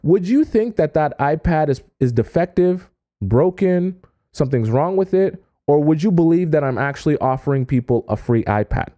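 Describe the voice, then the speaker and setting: A man coaching his viewers on dating in a relaxed, conversational way, stressing his points and checking in with "okay?" as he goes. His voice has a warm, mellow tone. The recording is dry and close. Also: on the high side, normal speed, no room sound. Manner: emphatic, keeps checking in with "okay?" and "right?". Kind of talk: casual advice talk to an online audience.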